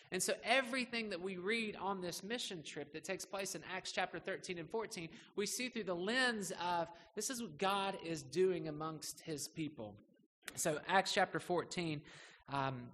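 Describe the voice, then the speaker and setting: A middle-aged man preaches from the pulpit, his voice sitting a touch high and ringing bright. He talks in a loose, self-deprecating way, full of "uh"s and restarts. A long church echo trails each phrase over faint room hum. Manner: conversational, self-deprecating storytelling with many fillers. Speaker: pastor. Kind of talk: sermon. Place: church sanctuary. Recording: reverberant hall with faint background ambience.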